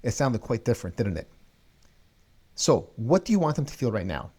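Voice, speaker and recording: An energetic man teaching viewers how to speak on camera, leaning hard on key words. His voice sits in a middle range and stays lively and emphatic throughout. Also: medium pitch, normal speed. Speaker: video coaching host. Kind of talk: energetic instructional talk.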